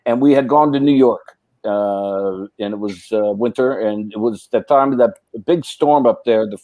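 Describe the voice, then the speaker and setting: A middle-aged man with a low voice tells stories from his acting days in an easy, rambling way. He often restarts mid-sentence and piles on fillers, then gets lively when he acts out other people's lines. The sound is dry and close, with little room. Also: dry recording, rough recording. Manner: animated when acting out quoted speech. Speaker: podcast guest, actor. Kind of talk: casual anecdotal storytelling.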